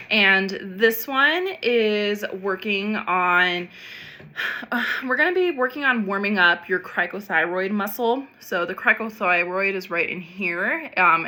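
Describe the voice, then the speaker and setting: A middle-aged woman voice teacher gently explaining a neck stretch and vocal warm-up, chatty and full of fillers. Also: mid-range voice, a little hiss or hum. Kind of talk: instructional vocal warm-up demonstration.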